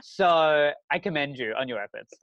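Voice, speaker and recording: A man's voice: a little high, animated, normal speed, no room sound. A man co-hosting a podcast, chatting casually with lots of ums and restarts. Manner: chatty, many ums and restarts, warmly encouraging. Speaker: podcast co-host. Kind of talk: casual chat recapping a reality show. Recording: dry, slightly muffled sound.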